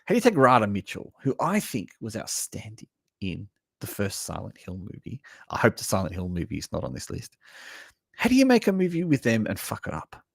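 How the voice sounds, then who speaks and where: Lively, sweary man reacting on a live stream. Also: lowish voice, a little fast, gravelly, husky, no room sound, studio quality. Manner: animated, blunt and sweary, reads chat comments aloud. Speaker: livestream host reviewing horror movies. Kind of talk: casual live reaction chat.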